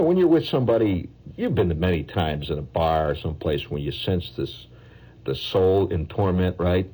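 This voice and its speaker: Deep-voiced wry New storyteller man. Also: expressive, normal speed, warm tone, breathy edge, low-quality recording. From New York. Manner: wry, rambling, digressive, asides like "see?". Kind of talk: casual spoken storytelling.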